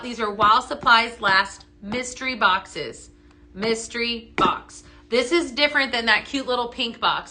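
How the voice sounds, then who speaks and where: A woman hosting a live product demo, talking chatty and upbeat and ending lines with quick "okay?" and "right?" checks. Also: fairly high pitch, sharp tone, slight background noise. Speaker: live shopping host.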